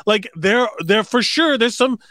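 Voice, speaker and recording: A man's voice: very high-pitched, expressive, a little slow, bright, forceful tone, no room sound, studio quality. A man co-hosting a podcast in casual chat, rambling and swearing, with many fillers and restarts. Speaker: podcast co-host.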